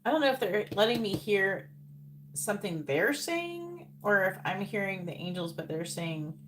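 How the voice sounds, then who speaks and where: A woman's voice: medium pitch, sing-song, normal speed. A woman giving a live tarot reading, calling out cards in a murmur and breaking into incredulous asides. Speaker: psychic tarot reader. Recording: loud background noise.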